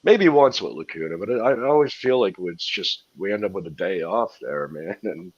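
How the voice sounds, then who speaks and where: Here the same kind of guest, a touring musician on a podcast, has a low, somewhat mellow voice with a breathy edge and lively intonation, moving at a moderate pace. His storytelling is rambling and profane, broken up by frequent laughter. The sound is dry with no room tone, and the highs are cut off.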